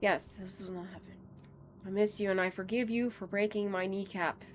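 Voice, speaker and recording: A woman's voice: medium pitch, fairly even intonation, normal speed, slight background noise. A woman streaming a game, rambling and joking as she plays, swearing freely and laughing often. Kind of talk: casual live-stream commentary while playing.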